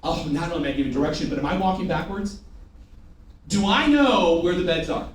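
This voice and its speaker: A man with a slightly high voice speaks a little fast as he leads a live sales training seminar, drilling the audience with call-and-response and teasing them with jokes. The mic is distant and the room is very echoey.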